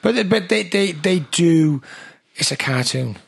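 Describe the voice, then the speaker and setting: Man, croaky voice, gravelly, bit husky, blunt sweary podcast chat. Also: a little high, lively intonation, unhurried. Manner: blunt, swears freely, repeats words as he starts. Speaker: podcast co-host. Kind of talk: casual chat.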